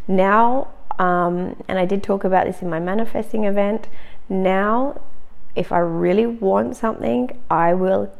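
A woman telling a personal story in a lively, conversational way. Her voice sits at a mid pitch with a noticeable gravelly fry. She stresses her big moments with sudden emphatic bursts. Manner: animated and conversational, with frequent fillers. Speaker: motivational speaker on manifesting.

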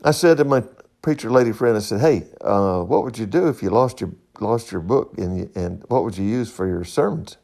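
A man's voice: lowish voice, expressive, moderate pace, gravelly, darkish tone. Folksy joking man hosting a podcast. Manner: folksy, joking, laughs at own stories. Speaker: podcast host. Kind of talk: rambling casual monologue.

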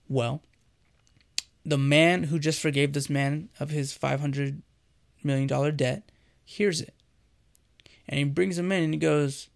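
A man's voice: fairly high pitch, steady tone, a little slow, gravelly, pauses often. A man giving an earnest, conversational sermon as a devotional host, speaking directly to the listener.

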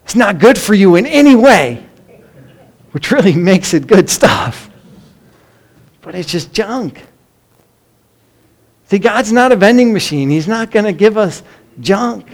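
Middle-aged male pastor, earnest emphatic sermon delivery, slightly high voice. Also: very animated, unhurried, long pauses. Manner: earnest, emphatic preaching with rhetorical questions.

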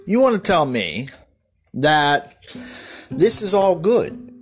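A man hosting a podcast, delivering an angry political rant full of swearing and shouting at his listeners. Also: fairly high pitch, very animated, takes it slowly, faint music behind. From United States. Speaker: podcast host.

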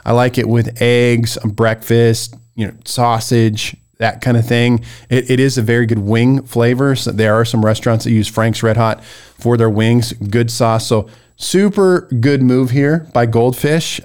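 Animated rambling American man ranting. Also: mid-range voice. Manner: animated, rambling, gets worked up. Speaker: podcast host. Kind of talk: casual ranting commentary.

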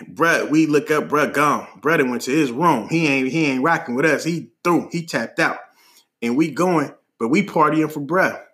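A man from Oakland with a Bay Area accent, telling a story on a podcast in an animated, slangy way, laughing often as he talks. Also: fairly high pitch, moderate pace. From Oakland, California. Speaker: podcast host. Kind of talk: casual storytelling.

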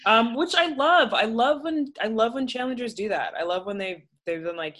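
A podcast co-host in casual chat, playful and animated, laughing between remarks and tossing in jokey asides. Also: mid-range voice, moderate pace, hardly any pauses. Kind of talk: casual chat recapping a reality show.

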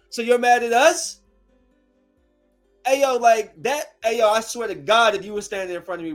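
A man's voice: very high voice, animated, measured pace, pauses often, soft background music. A man in his thirties, a streamer, delivering a heated, profane, confrontational rant to his viewers. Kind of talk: angry rant to camera.

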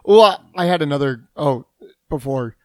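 A man's voice: on the high side, lively intonation, measured pace, no room sound, clean studio sound. A man co-hosting a casual podcast, telling rambling stories and laughing often. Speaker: podcast co-host.

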